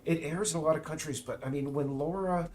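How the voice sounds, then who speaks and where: A man's voice: fairly high pitch, a little fast, darkish tone, a little hiss or hum. A middle-aged man chatting while he works on a game, drifting into tangents and restarting his sentences. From United States. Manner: rambling, tangents, frequent restarts and stammers. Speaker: indie game developer streaming. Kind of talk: casual rambling chat while working.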